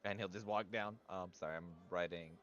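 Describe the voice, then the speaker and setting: A man's voice: sits low, fairly even intonation, fast talker, fairly bright tone, muffled recording. A man playing a tabletop game, chatting casually. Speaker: player.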